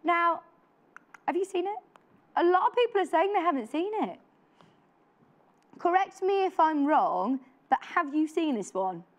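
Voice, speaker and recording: A woman's voice: extremely high pitch, animated, measured pace, long pauses. A woman presenting a live TV shopping demonstration in a studio, chatty and upbeat, often putting questions to the viewer.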